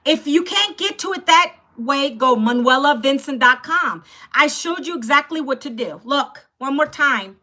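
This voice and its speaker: A woman in her fifties hosting a live stream, talking loudly and bluntly as she pushes her program and scolds viewers in the chat. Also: high voice, expressive, measured pace, hardly any pauses. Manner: loud and blunt, close to yelling. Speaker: livestream host selling an online program.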